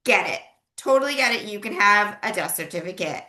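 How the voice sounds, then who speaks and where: A woman's voice: medium pitch, expressive, brisk, pushed and bright. A woman hosting a casual chat, talking in a chatty way full of filler phrases. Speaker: host.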